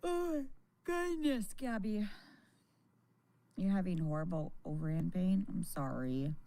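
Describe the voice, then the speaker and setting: Tired woman livestreamer, slow and gravelly, rambling chat to viewers at home. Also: lowish voice, expressive, warm tone. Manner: rambling, laughing, swearing casually. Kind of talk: casual live-stream chat. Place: her home.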